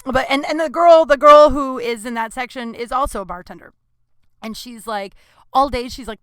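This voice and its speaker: A woman's voice: high voice, normal speed, clear, resonant tone, no room sound. A woman comedian hosting a podcast, telling a story casually and candidly, rambling into asides.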